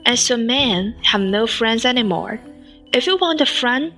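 A patient, earnest fox from a storybook explains himself in a high, bright voice, as a woman reads his lines. He sounds lonely and wise, and faint music plays behind him. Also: lively intonation, unhurried, exaggerated voice. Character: wise, lonely male fox longing to be tamed. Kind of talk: storybook reading.

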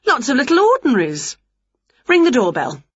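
An excitable, boastful storybook witch with a high, bouncing voice, as a woman reads her out. She chatters with a breathy edge, heard through a dull, dry lo-fi recording. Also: moderate pace, no room sound, heavily acted.

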